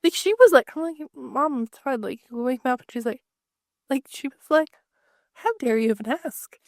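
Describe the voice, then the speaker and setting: Higher-voiced woman cohost, animated storyteller, acts out quotes, dry close sound. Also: normal speed, dry recording. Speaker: podcast co-host. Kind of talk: casual chat.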